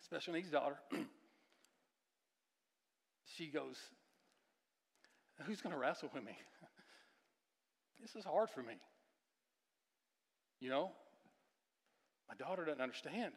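A man preaching a sermon as a guest speaker. He talks emphatically, often repeats and restarts his words, asks the audience questions, and moves between near-shouts and hushed confessional tones. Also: on the high side, lively intonation, slow pace, gravelly, pauses often, breathy edge. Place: church sanctuary. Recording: long reverb of a large church hall.

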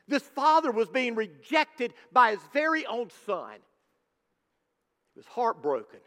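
A man preaching a sermon as a pastor, emphatic and rising to shouts at the high points. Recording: long hall reverb.

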